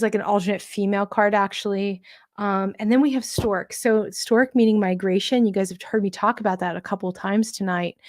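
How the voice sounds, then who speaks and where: Gentle woman doing a pet reading. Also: medium pitch, dry recording, studio quality. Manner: gentle, reassuring, many fillers and restarts. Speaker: tarot reader and pet medium. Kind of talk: live online reading.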